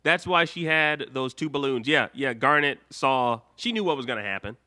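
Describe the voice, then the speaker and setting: A young live stream host keeps things casual, rambling, reading viewer comments out loud, and laughing often. His mid-range voice is animated, bright, and forceful, at a moderate pace.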